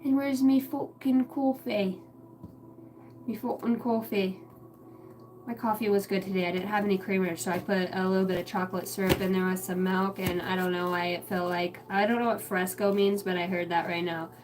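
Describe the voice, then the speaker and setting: A woman's voice: lowish voice, level tone, fast talker, hardly any pauses. A young woman livestreaming from home as a psychic reader, chatting casually in a rambling way and swearing a lot.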